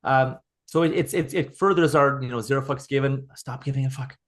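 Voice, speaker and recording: A man's voice: mid-range voice, brisk. A man as a podcast guest, talking earnestly in casual conversation, often restarting and repeating words.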